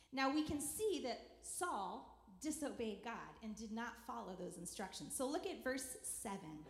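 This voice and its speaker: Lively woman preaching in an echoey hall. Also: high voice. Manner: conversational, animated, reads scripture aloud. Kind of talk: sermon with scripture reading.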